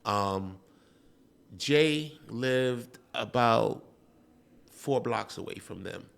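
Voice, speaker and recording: A man hosts a relaxed interview. His voice is gravelly and rough at the edges. He rambles through his stories and keeps dropping "you know.". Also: medium pitch, very slow. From Queens, New York. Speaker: host. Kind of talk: casual interview chat.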